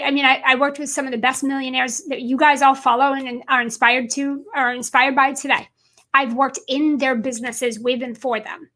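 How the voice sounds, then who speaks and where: A woman's voice: sits high, pushed and bright. A woman business coach giving an emphatic motivational talk to camera, repeating her points and calling her viewers guys.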